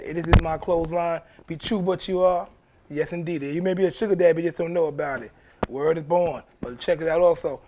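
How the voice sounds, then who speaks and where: A man's voice: on the high side, mellow, a little hiss or hum. A man, hosting his own show in a blunt, profane casual monologue that repeats points for emphasis. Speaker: show host.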